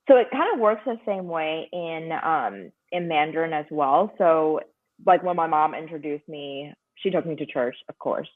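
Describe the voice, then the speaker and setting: Low-voiced young woman on a tinny line. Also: normal speed. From Taiwan. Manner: explains patiently, laughs often. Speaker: guest teaching culture. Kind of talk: casual podcast chat. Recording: tinny phone-like call audio.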